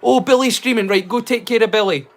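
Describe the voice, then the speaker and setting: Soft music plays behind a Scottish livestream host with a very high voice who talks at a quick clip. He rambles casually from his home in rural Scotland, restarting sentences and using plenty of slang.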